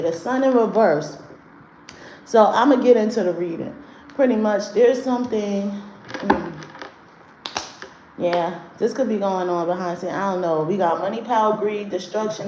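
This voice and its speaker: Medium-pitched and darkish in tone, a woman does card readings on a livestream, talking bluntly with plenty of cursing and often going off at her chat. The audio is echoey and roomy, with a faint layer of noise.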